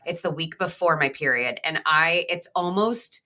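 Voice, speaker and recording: A woman in her thirties chats on a podcast with a bright, forceful edge to her voice. Her register sits a little low, and she rambles through candid stories with frequent restarts. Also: normal speed. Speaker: podcast host. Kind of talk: casual chat.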